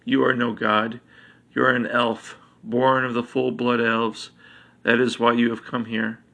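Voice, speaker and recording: A man's voice: mid-range voice, level tone, measured pace, vocal fry, a bit bright. A man voicing a sinister wizard, scornful in tone.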